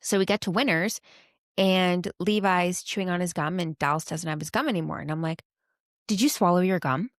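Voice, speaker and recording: A woman in her thirties, a mother co-hosting a casual podcast chat, telling family stories in a lively way and laughing often. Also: lowish voice, fairly quick, no echo, clean studio sound. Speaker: podcast co-host.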